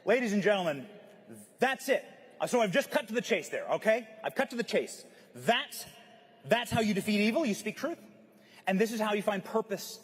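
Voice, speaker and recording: Fervent high-voiced man preaching from a stage. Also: breathy edge. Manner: fervent, preachy, often shouting to the crowd. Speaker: conference speaker. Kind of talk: impassioned rally speech. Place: large event hall. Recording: long hall reverb.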